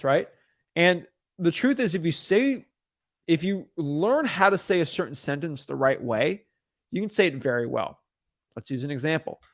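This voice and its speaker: A man in his twenties coaching his viewers in a casual, energetic way, talking straight to them and peppering his speech with "like" and "guys". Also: on the high side, no room sound, studio quality. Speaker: real estate coach. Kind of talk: casual motivational teaching.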